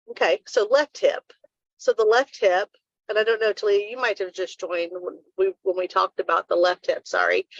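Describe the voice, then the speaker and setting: A woman's voice: mid-range voice, no room sound. Woman, live-stream host, earnest and advice-giving, rambling, dry close sound, muffled lo-fi audio. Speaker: co-host of a live wellness talk show. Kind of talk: casual live-stream chat.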